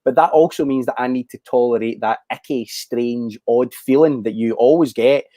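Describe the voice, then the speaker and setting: A Scottish man in his forties, an actor talking in a casual interview, thoughtful and halting with frequent restarts. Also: medium pitch, mellow, dry recording. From Scotland. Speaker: actor, guest.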